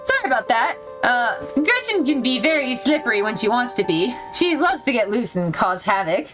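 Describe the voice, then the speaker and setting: A woman's voice: a little high, very animated, normal speed, over music. A young woman hosting a game playthrough, reading the story aloud and chatting playfully with giggles. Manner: playful, giggly, switches between narrating and chatter. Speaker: let's-play host.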